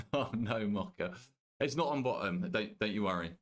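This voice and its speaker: A young British man streaming a game, chatting casually with his viewers, joking, swearing and thinking out loud. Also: lowish voice, lively intonation, moderate pace, a little hiss or hum. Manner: banters with chat, swears casually, thinks aloud. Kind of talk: casual live-stream chat.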